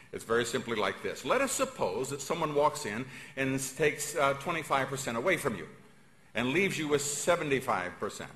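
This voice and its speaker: A man's voice: medium pitch, fairly bright tone. Emphatic man speaking in an echoey hall. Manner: folksy, emphatic, pauses for emphasis. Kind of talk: public speech.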